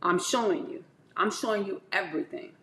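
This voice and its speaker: A woman's voice: medium pitch, fairly quick, slight background noise. Chatty woman vlogging from an echoey kitchen. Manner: chatty, animated, addresses viewers as y'all. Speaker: wellness vlogger. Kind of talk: casual chat to camera.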